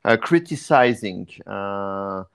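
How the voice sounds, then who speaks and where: A man speaks in a somewhat low voice, pausing often with "uh" between phrases. He talks as a guest on a podcast, and the sound comes through a video call. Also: animated, creaky, clean tone. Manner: hesitant, with frequent "uh" fillers. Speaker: guest, degrowth activist and researcher. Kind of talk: casual podcast interview.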